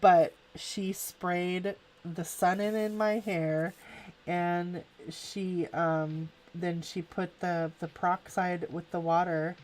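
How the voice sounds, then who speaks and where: This Californian artist in her 40s streams a live coloring session, rambling, laughing a lot and filling her talk with "like." She speaks slowly in a fairly low, a-little-mellow voice with fairly even intonation.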